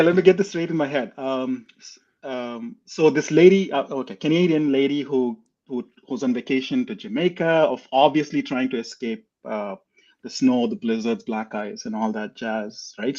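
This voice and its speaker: A man in his fifties from India, with an Indian accent, telling his story as a guest in a lively, restarting way. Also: mid-range voice, normal speed. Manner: animated storyteller, frequent restarts and laughs. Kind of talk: casual chat, telling a life story. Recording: slightly dull lo-fi audio.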